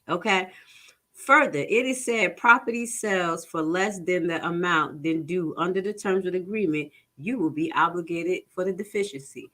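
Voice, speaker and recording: A woman's voice: on the low side, animated, moderate pace, pushed and bright. A woman giving a casual, chatty lesson, reading legal text aloud and explaining it in plain talk. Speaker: tax lien investing instructor. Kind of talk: casual teaching webinar.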